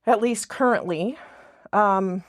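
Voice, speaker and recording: Speaking slowly in a mid-range voice, a woman guest talks casually on a podcast. She rambles and keeps interrupting herself, often dropping a sentence partway and starting over.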